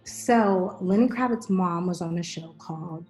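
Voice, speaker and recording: A middle-aged woman hosting a podcast, telling stories in a casual, animated way and acting out what people said. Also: fairly low pitch, measured pace, soft background music. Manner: animated storyteller, acts out quotes. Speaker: podcast host and actress. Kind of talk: casual chat, storytelling.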